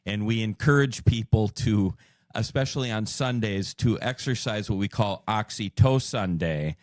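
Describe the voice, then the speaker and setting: A middle-aged man hosting a podcast, asking relaxed, easygoing questions and teasing his guest now and then. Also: on the low side, moderate pace, no room sound. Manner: easygoing, teasing, uses many fillers. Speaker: podcast host. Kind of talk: casual interview.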